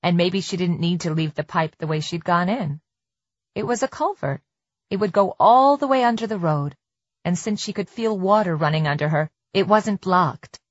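Woman reading a suspense audiobook, lowish voice, steady and measured, kinda muffled lo-fi sound. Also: no room sound. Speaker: audiobook narrator. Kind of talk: scripted narration of a suspense novel.

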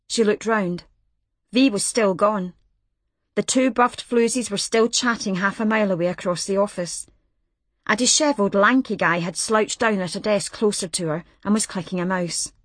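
A woman reads a novel aloud in a steady, measured way, at a pitch typical for a woman. The recording is close and dry, with no room around her. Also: no room sound. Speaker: audiobook narrator. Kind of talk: scripted narration.

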